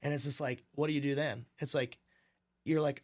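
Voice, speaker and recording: Young male guest, casual and animated, slips into voices as he retells conversations. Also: medium pitch, fairly quick. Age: young adult. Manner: animated, swearing, acts out quoted voices. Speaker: podcast guest, real estate team leader.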